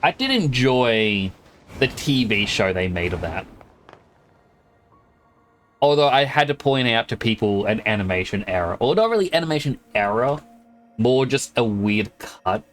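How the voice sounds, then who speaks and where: A man's voice: mid-range voice, big pitch swings, measured pace, pauses often, fairly bright tone. A man streaming a video game, chatting casually and rambling, with frequent laughs. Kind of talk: casual gaming stream chat.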